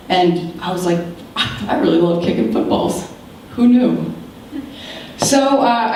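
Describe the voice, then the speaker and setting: A woman in her thirties giving a keynote speech, telling a personal story in an animated way and acting out the voices of the people in it. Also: on the low side, slight background noise. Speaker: keynote speaker. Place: large lecture room. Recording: very echoey hall, distant mic.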